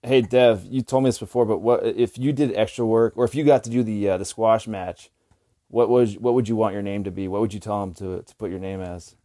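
A man's voice: on the low side, steady tone, fairly quick, dark tone. A man in a casual chat, cutting in with teasing remarks and questions. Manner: teasing interjections.

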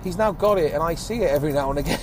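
A man's voice: on the high side, rapid-fire. A man hosting a one-take podcast from his car, rambling and grumbling with casual swearing and a phlegmy cough. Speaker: podcast host. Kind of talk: rambling one-take chat while driving. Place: inside a car in traffic. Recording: car and road noise behind.

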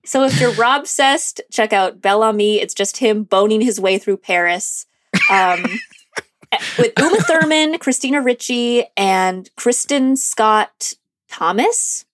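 A woman's voice: fairly high pitch, slow pace. Giggly, chatty woman co-host. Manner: giggly, chatty, frequent laughs. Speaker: podcast co-host. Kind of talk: casual movie chat.

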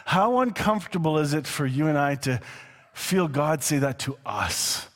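A man preaching a sermon in a relaxed, conversational way, with quick asides and chuckles. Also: a little high. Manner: conversational, chuckling, slows down to read scripture. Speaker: pastor. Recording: long hall reverb.

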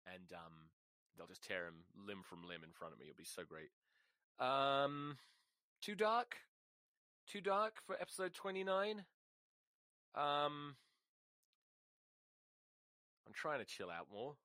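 A man hosting a podcast, rambling casually with profane, dark jokes into a close mic. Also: on the low side, very animated, normal speed, dry recording. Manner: rambling, profane, darkly joking. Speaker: podcast host. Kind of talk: casual monologue.

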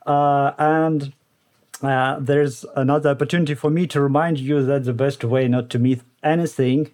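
Mid-pitched man hosting a casual podcast. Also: darkish tone. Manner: friendly, laughing, lots of "uh" fillers. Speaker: podcast host. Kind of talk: casual chat.

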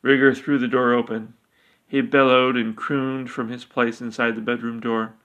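A man narrating a fantasy story aloud in a steady, even manner. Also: mid-range voice, moderate pace.

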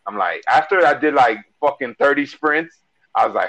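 A man with a Miami accent, co-hosting a casual podcast and telling stories in a profane, animated way full of fillers. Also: mid-range voice, moderate pace, gravelly, no echo, lo-fi sound. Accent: Miami English. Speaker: podcast co-host.

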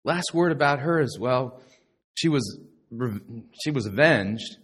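A middle-aged man preaching a sermon to a live congregation, sarcastic and animated, now and then mocking other people's voices. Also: mid-range voice, unhurried, husky. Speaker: pastor.

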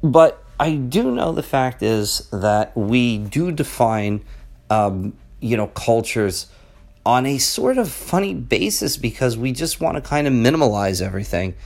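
A middle-aged man in a loose, rambling monologue at an average pitch. He keeps asking pointed rhetorical questions and checks in with the listener constantly. His delivery feels like unscripted thinking out loud. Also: animated, a little slow, gravelly. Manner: rambling and conversational, peppers talk with "okay?" and "you know". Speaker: vlogger. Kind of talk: casual off-the-cuff monologue.

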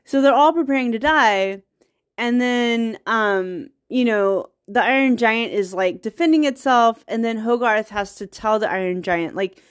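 A woman's voice: on the high side, measured pace, clean tone. A young woman eagerly retelling a film's plot in casual, rambling talk, laughing often and getting teary. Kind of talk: casual movie recap.

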